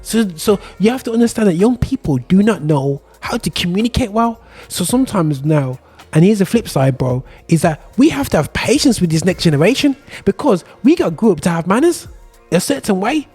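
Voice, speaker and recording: Man, podcast host, husky voice, mellow tone, slangy and animated, faint music behind. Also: sits high, brisk. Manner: animated, street slang, frequent "you know what I mean". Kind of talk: casual podcast chat.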